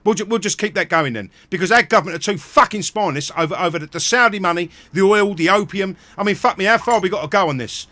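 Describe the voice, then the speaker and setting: A man hosting a live stream, ranting angrily with heavy swearing and bursts of shouting. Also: sits high, fast, few pauses, dry recording. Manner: angry, profane, shouting in bursts. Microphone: close mic at home.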